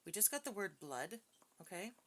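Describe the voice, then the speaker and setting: A woman's voice: mid-range voice, sing-song, moderate pace, fairly bright tone, a little hiss or hum. A woman giving a casual psychic reading from home. She sounds chatty and hesitant, with many fillers and frequent small laughs. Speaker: psychic reader. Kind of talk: casual spoken reading with a recited prayer. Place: home with dogs nearby.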